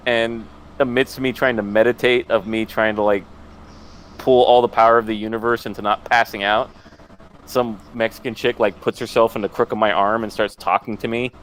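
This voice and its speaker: A man's voice: mid-range voice, fairly bright tone, a little hiss or hum. A man telling stories in a rambling, self-mocking way in casual podcast chat, often laughing.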